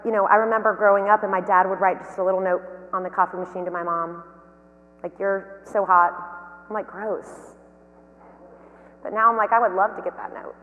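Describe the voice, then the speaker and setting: Woman giving a lively keynote in a reverberant hall. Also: medium pitch, phone-quality sound. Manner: lively, anecdotal storytelling. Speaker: keynote speaker and company founder. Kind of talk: motivational keynote talk.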